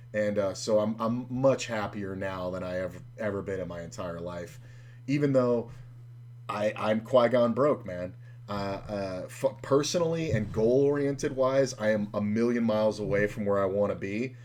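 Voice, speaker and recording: Profane, animated man in his forties. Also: lowish voice, slight background noise. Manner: profane, animated storyteller acting out dialogue. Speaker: podcast host. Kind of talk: casual storytelling monologue.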